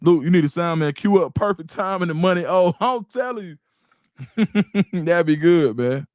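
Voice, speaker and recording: A middle-aged man with an Atlanta accent, hosting a casual livestream, reading chat comments and talking in a loose, animated, slangy way. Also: sits high, moderate pace, dry recording, clean studio sound. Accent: Atlanta Black Southern English. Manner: animated, repeats words, slangy, reads chat aloud. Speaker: livestream host.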